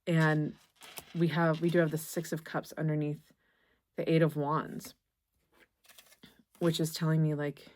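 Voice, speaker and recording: A young woman giving a tarot reading to camera, gentle and reassuring, halting often and restarting her phrases. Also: sits low, little pitch movement. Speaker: tarot reader.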